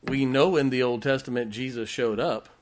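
A man's voice: mid-range voice, moderate pace. A man preaching a sermon, retelling a Bible story in a folksy way and chuckling often as he goes.

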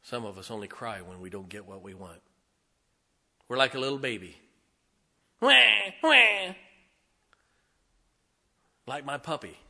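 A middle-aged man preaching a sermon as pastor, swinging between loud, emphatic lines and quiet, hushed ones. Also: on the low side, brisk.

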